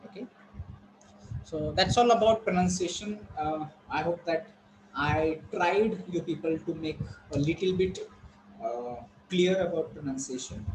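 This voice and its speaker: Indian English teacher in a noisy online class. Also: male voice, fairly high pitch, measured pace. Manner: instructive, repeats words, asks students questions.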